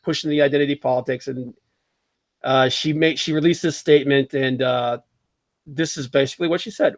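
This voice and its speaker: A man hosting a casual livestream talk show, animated and opinionated, reading chat comments aloud. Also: mid-range voice, a little fast, no room sound, studio quality. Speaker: podcast host.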